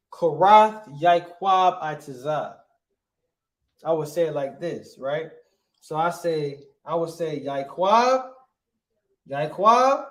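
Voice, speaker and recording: Casual man teaching in an echoey room. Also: fairly high pitch. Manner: casual, repeats "right?" often, pauses to look things up. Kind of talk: informal Bible language lesson.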